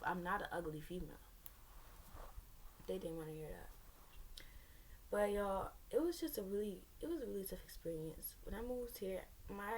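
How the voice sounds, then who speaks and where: A woman's voice: mid-range voice, a little hiss or hum. A young woman telling a personal story to her viewers in a candid, rambling way, with sassy asides. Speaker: vlogger.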